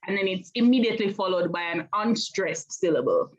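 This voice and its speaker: A woman guest explains a poem in a casual discussion, thoughtful and steady with occasional ums. Her line sounds slightly dull and lo-fi, with many voices audible behind her. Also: mid-range voice, a little fast, crowd noise.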